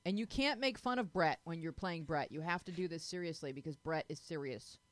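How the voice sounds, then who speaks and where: A woman hosting a teen panel talk show, playful and quick to laugh as she runs the segments. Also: low-pitched, no echo.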